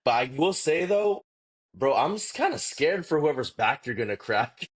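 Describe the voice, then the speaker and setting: A man's voice: a little high, very animated, normal speed. A young man hosting a podcast, upbeat and slangy, laughing often. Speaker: podcast host. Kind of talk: casual chat.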